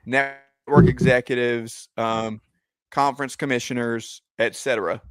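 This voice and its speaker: A man hosting a sports podcast, talking in a measured way and steering the discussion. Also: medium pitch, steady tone, smooth, no room sound. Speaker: podcast host. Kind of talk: casual sports talk.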